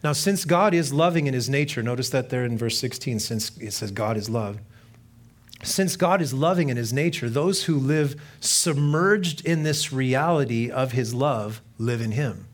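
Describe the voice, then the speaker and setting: A man of middle pitch preaching a sermon, talking to his listeners as if in conversation. He climbs into earnest, emphatic stretches and then sinks back into quiet, reflective ones, sometimes restarting a thought mid-sentence. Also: expressive, moderate pace. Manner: conversational, with many fillers and restarts. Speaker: pastor.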